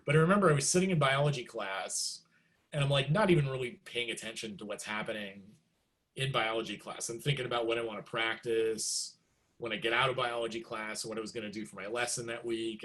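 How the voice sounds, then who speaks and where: A middle-aged man, a guest musician, telling stories in a casual interview and acting out quotes with big jumps in pitch. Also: a little fast, a bit bright.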